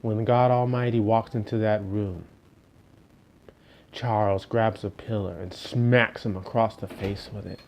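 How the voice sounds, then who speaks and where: A man preaching a storytelling sermon, dramatic, slowing down and dropping to a hush for emphasis. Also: lowish voice, steady tone, gravelly, a little hiss or hum.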